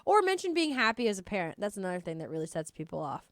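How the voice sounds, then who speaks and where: A woman co-hosting a podcast in casual chat, relaxed and wry. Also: medium pitch, fast, dry recording, studio quality. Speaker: podcast co-host.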